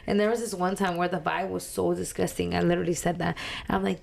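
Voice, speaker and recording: A woman's voice: on the low side, little pitch movement, fast, vocal fry, darkish tone. A woman in her thirties co-hosting a podcast, talking in a blunt, heated way with lots of cursing. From Mexican-American. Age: 30s. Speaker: podcast co-host. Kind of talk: casual chat.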